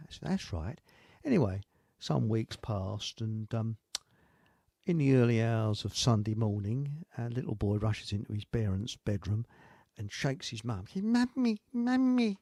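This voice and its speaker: Older man, live show host, rambling and salty, gravelly voice, dry close sound. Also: medium pitch, lively intonation, moderate pace, warm tone, dry recording. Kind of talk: casual live-stream chat and joke telling.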